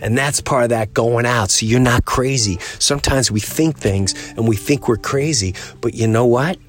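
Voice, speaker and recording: Faint music plays behind this man as he hosts a podcast, speaking at medium pitch and a moderate pace. His casual monologue is earnest and wandering, and he performs the voices of anyone he quotes.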